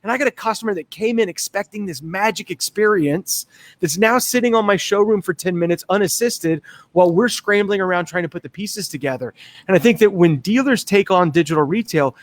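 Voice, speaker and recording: Energetic man, high voice, dry close sound, lively storytelling. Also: no room sound. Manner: energetic, fast-talking, acts out voices in anecdotes. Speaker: guest. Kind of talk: casual storytelling in a talk.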